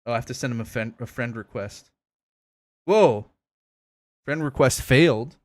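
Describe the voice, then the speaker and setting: A man's voice: medium pitch, moderate pace, dry recording. A young man live streaming a game, chatting loosely with his viewers, rambling and swearing a lot. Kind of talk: casual live stream chat.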